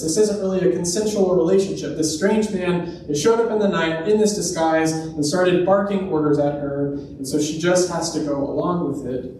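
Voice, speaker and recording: A preacher in a church retells a story conversationally, adding personal asides. His voice is on the high side and a little mellow, with a little hiss or hum, recorded by a distant mic in a very echoey room.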